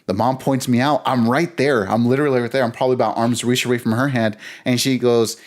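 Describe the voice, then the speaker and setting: A man's voice: medium pitch, fairly even intonation, fast. A man, a podcast guest, telling a casual rambling story with frequent restarts. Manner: rambling, with many restarts and laughter.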